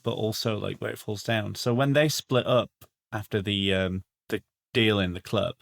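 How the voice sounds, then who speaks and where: A man's voice: lowish voice, fairly even intonation, moderate pace, vocal fry. A man co-hosting a podcast, chatting casually about a film with many restarts and fillers. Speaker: podcast co-host. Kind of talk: casual film review chat.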